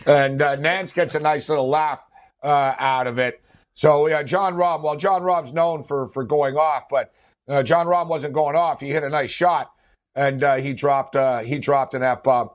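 A man's voice: a little high, measured pace. A man co-hosting a casual sports talk show, rambling with lots of fillers and laughing often. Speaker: sports podcast co-host.

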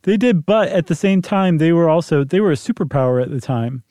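Wry man with a dark, higher voice. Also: animated, brisk, dry recording, clean studio sound. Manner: playful, wry, rambling explanations. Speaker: podcast co-host. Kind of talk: casual chat.

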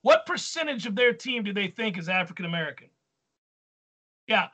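Male sports talk host, high bright voice, emphatic and animated. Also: normal speed. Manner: animated, emphatic, reads listener questions. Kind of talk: casual sports radio chat.

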